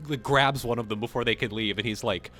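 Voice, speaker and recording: A man co-hosting a casual livestream chat, talking in an excitable, rambling way and laughing often. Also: mid-range voice, fast, soft background music. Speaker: co-host.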